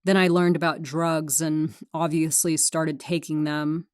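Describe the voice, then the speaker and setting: Low-voiced woman reading a frank memoir. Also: level tone, unhurried, no room sound, studio quality. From California, US. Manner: frank, sardonic, dryly funny. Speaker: memoir narrator.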